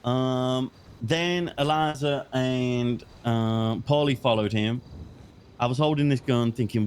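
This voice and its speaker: A man's voice: mid-range voice, slow pace, clear, resonant tone. A man with a British accent playing a police officer in role-play, retelling events with plenty of swearing. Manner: swearing, storytelling, animated retelling. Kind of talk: in-character role-play chat.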